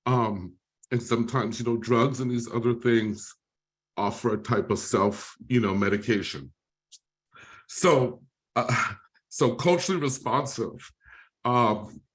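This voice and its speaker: A middle-aged man giving a talk on a video call, telling his own recovery story, close to tears and apologetic at times. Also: mid-range voice. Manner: emotional, tearful at moments, apologetic. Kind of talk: presentation with personal testimony.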